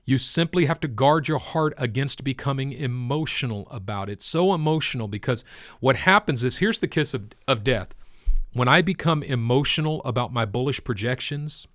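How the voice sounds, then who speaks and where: A man talks through the crypto market in a relaxed, conversational way, circling back to stress his points like a preacher. His voice sits at an everyday middle pitch. The sound is close and dry, with no room around it. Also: moderate pace, no room sound. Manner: conversational, emphatic, preacher-like repetition. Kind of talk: casual market commentary.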